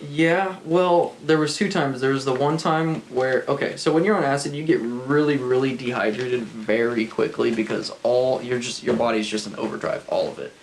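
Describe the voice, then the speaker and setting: A young man with a mid-range voice tells an animated, profane story on a casual podcast. Faint ambient noise can be heard in the background. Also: medium pitch, normal speed, few pauses, poor audio. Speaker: podcast co-host.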